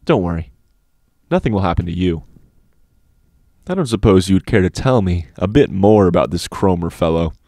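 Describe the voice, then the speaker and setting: A man voicing a self-assured older schoolboy who speaks softly and with measured calm. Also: deep voice, no echo, clean studio sound. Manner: measured, soft, unhurried.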